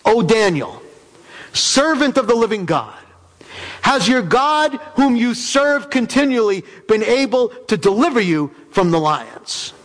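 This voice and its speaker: A man's voice: extremely high pitch, big pitch swings, unhurried, a bit bright, heavily acted. A man voicing an ancient king with a solemn, pleading manner, in a reverberant hall. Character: ancient king, troubled but commanding.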